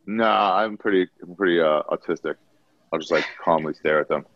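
A man's voice: low voice, normal speed, lo-fi sound. A young man chatting on a podcast, telling profane stories and acting out the people he quotes. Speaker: comedian guest. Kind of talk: casual podcast chat.

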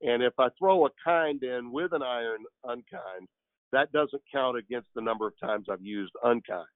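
A man's voice: medium pitch, normal speed, no echo. An older man, a guest broadcaster, telling rambling, jokey stories in casual chat over the phone. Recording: tinny dry phone line.

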